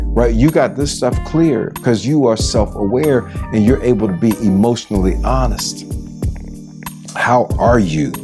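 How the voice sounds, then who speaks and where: A middle-aged man coaching couples in a motivational talk, preachy and casual, asking the same questions again and again. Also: mid-range voice. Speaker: relationship coach. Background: faint background music.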